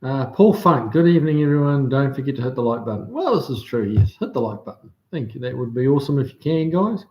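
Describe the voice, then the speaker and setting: Hosting a livestream, a New Zealand-accented man talks fast with lively intonation and hardly any pauses, his voice medium in pitch. He's relaxed, reading viewer comments aloud and chatting, full of ums and false starts. The lo-fi sound carries a roomy echo.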